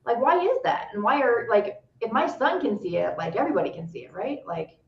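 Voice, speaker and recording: A woman's voice: on the high side, very animated, a little fast, vocal fry. A woman hosts a casual podcast, thinking aloud and pressing her guest with questions. She sits away from the mic, so her voice comes through roomy and somewhat dull and lo-fi. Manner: reflective, asks probing questions. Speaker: podcast host. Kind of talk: casual interview chat. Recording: echoey, distant, lo-fi sound.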